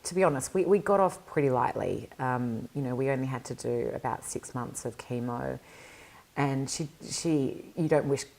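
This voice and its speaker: A woman's voice: very deep voice, moderate pace, creaky, a little mellow. A woman guest in a podcast interview, telling her story in an earnest, reflective conversational way. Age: adult mother. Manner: reflective, earnest, many fillers.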